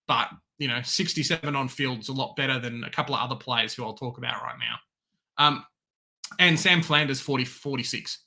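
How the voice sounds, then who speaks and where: A young Australian man hosting a fantasy football show in casual chat, animated, swinging from loud excitement to resigned muttering. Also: mid-range voice, normal speed, gravelly. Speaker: fantasy football podcast host.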